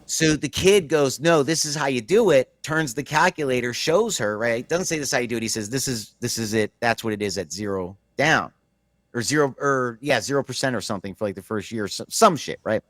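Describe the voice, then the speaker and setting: A man's voice: medium pitch, expressive, a little fast, fairly bright tone, no echo. A middle-aged man hosting a podcast, telling a long story in casual chat, with frequent restarts and laughter. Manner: rambling, restarts often, laughs through the story. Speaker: podcast host.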